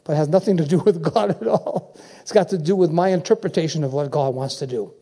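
Older male preacher, high mellow voice. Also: fast. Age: 70s. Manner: emphatic, repeats phrases and calls out to the congregation. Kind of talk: sermon.

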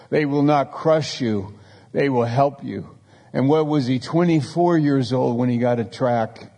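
A man's voice: mid-range voice, gravelly, darkish tone, big-room sound. A man preaching a sermon, telling stories in a conversational way and acting out the people in them. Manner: storytelling, conversational preaching with acted quotes. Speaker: pastor.

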